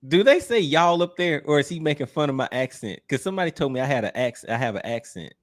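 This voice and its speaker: A man's voice: medium pitch, expressive, fast. Easygoing man hosting a livestream. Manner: easygoing, laughs often, teasing. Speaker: livestream host. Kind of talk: casual livestream chat, reading viewer comments aloud.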